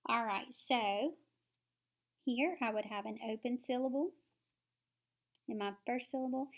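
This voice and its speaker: A woman teaching phonics, explaining each step slowly and sounding words out syllable by syllable. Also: fairly high pitch, gravelly. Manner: slow, deliberate, sounding words out.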